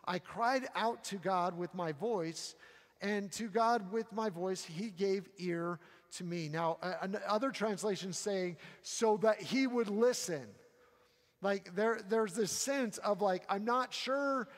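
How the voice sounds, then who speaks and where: A man preaching a sermon in a casual, halting way, often repeating words as he gathers his thoughts. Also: high voice, big-room sound. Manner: conversational, halting with frequent repeats. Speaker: pastor.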